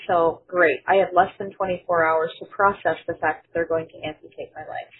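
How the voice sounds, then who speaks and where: Breathy woman, earnest testimony, narrow phone-like sound. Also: on the low side, fairly even intonation, brisk, few pauses. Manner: earnest storytelling, quotes others in her own voice. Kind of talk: personal testimony.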